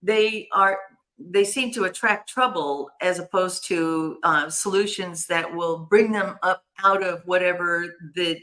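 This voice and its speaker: A woman with a bright voice hosts an interview. She affirms her guest and asks probing follow-up questions. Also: on the low side, unhurried. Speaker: host.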